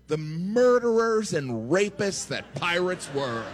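A man's voice: high-pitched, expressive, measured pace, few pauses, big-room sound, slight background noise. A man performing a stand-up comedy routine with sarcastic, mock-cheerful delivery.

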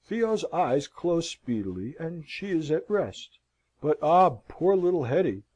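A male audiobook narrator telling a classic novel with wry, expressive storytelling. His somewhat high voice moves through a lively, wide melody, and his tone stays mellow and dark throughout. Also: measured pace, breathy edge.

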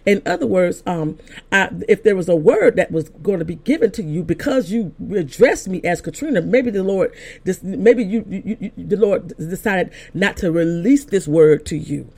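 A woman's voice: lowish voice, lively intonation, moderate pace, vocal fry, darkish tone. Older woman preaching from personal testimony. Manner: conversational, with many restarts, rising into emphatic preaching. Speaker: apostle and pastor. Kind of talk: sermon told as personal testimony.

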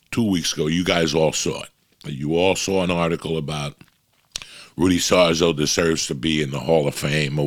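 A man's voice: rumbling low, fairly bright tone, no echo. A man hosting a podcast, chatting casually and bluntly, swearing freely and talking straight to his listeners. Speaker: podcast host. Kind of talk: casual chat.

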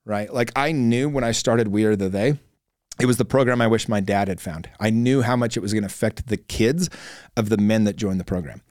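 A man's voice: on the low side, fairly quick, darkish tone, no echo, clean studio sound. A man hosting a podcast, giving an earnest motivational talk in a coaching tone, with frequent fillers and restarts. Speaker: podcast host. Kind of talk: motivational monologue.

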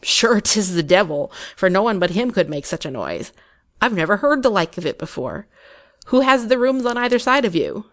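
A woman's voice: medium pitch, big pitch swings, normal speed, fairly bright tone. A woman doing a hearty student lad. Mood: blunt. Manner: hearty exclamations in Irish idiom. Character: burly young Irish male student, blustering.

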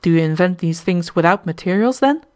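A woman voicing a shrewd, calm male millionaire hotel owner, speaking in a quiet, deliberate way. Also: fairly low pitch, natural voice. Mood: cool.

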